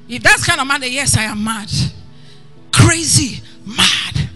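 A woman's voice: sits high, expressive, measured pace. Woman pastor, fervent sermon delivery, faint music underneath. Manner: passionate preaching that builds to shouts.

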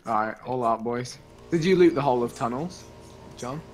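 A man's voice: medium pitch, moderate pace, darkish tone, a little hiss or hum, poor audio. A young man chatting casually while gaming with friends, laid-back and teasing, laughing a lot.

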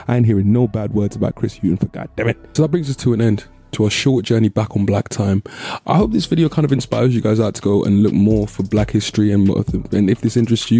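Young English vlog host, gravelly and dark, slangy hype talk. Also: male voice, lowish voice. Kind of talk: casual history vlog narration.

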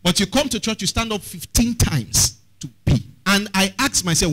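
A man's voice: high voice, animated, moderate pace, a bit bright, low-quality recording. A man preaching a sermon as pastor, often asking the congregation questions.

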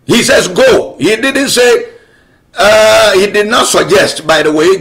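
A man's voice: on the high side, moderate pace, fairly bright tone. A man preaching a sermon as pastor, emphatic and repetitive, asking rhetorical questions and pressing his point.

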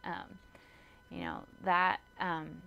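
Chatty mom with a gravelly edge. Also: female voice, lowish voice, flat delivery, drawn-out words, dull audio. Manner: chatty, laughs often, many ums and likes. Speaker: vlogger and homeschooling mother. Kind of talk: casual Q&A chat.

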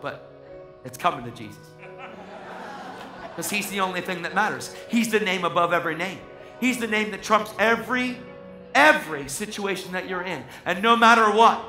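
A man's voice: sits high, sharp tone. A man preaching a sermon with passionate, emphatic delivery, often calling the listener "man". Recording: echoey hall, faint music.

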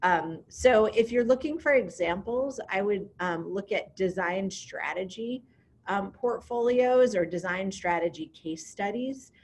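A woman's voice: medium pitch, measured pace, a little mellow, a little hiss or hum. A woman directing a program, speaking in a casual, upbeat way with frequent ums during an online information session.

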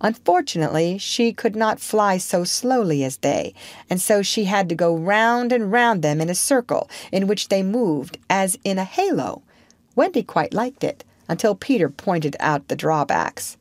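A woman narrating a storybook audiobook for English learners with clear, measured storytelling. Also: medium pitch, animated, dry recording.

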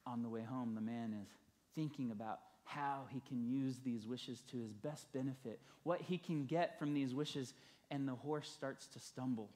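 A man's voice: mid-range voice, moderate pace, a little mellow. A male pastor preaching a sermon, telling a story and building emphasis through repeated phrases.

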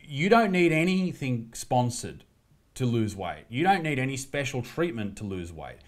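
A man's voice: medium pitch, very animated, normal speed. Brash, profane Australian man reacting. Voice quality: brash and profane, mock outrage. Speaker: comedy commentary host. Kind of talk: crude reaction commentary.

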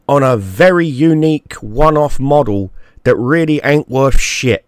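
A man's voice: mid-range voice, lively intonation, unhurried, hardly any pauses, no room sound, studio quality. A man giving a crude, mocking rant straight to the camera, often repeating himself for emphasis. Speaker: YouTube gaming creator. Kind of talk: profane ranting monologue.

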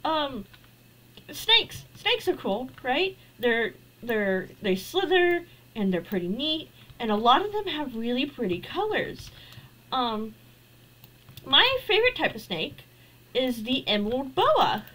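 A woman's voice: sits high, big pitch swings, takes it slowly, sharp tone, low-quality recording. A young woman streaming a game, talking casually with nervous, frightened rambling and sudden shrieks. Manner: jittery and frightened, shrieking at spiders, then rambling.

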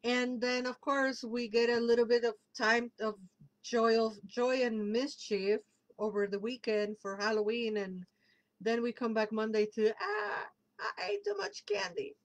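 A woman hosting a casual livestream, chatting warmly and reading out viewer comments as they come in. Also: on the high side, fairly even intonation, unhurried, muffled recording. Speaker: livestream host and tarot reader.

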